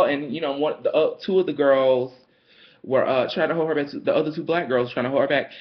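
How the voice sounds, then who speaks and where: A man's voice: mid-range voice, fairly even intonation, brisk, lo-fi sound. A man telling a story in a sassy, dramatic way, calling the listener girl and honey. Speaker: vlogger. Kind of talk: casual storytime rant.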